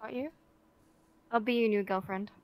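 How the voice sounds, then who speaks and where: A woman in casual voice chat, talking in a quick, playful way. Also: mid-range voice, steady tone, darkish tone.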